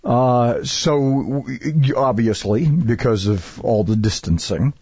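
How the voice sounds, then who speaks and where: A man's voice: medium pitch, lively intonation, slow pace, a little mellow, husky, no echo, dull audio. A man hosting a talk radio show, chatting casually and rambling with many fillers and restarts.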